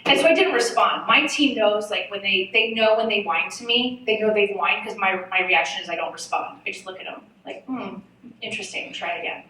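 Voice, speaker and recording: A woman speaking on a conference panel, telling frank, lively stories and poking fun at herself. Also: medium pitch, fairly quick, hardly any pauses. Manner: candid, lively storytelling with self-mocking asides. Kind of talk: live panel talk at a marketing summit. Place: large event hall. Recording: echoey hall, voice from far off.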